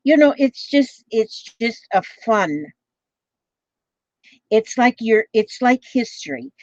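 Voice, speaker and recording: A chatty woman rambles through a craft video at her table, her voice a little high and full of fillers and restarts. The sound is dry and close, with a dull, lo-fi edge. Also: sing-song, slow pace, darkish tone, dry recording. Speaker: craft vlogger. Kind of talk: casual chat.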